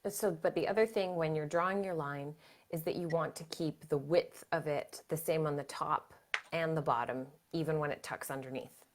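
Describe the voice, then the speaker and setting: A woman's voice: deep voice, steady tone, normal speed. A woman co-hosting a drawing lesson, asking clarifying questions with playful, joking asides.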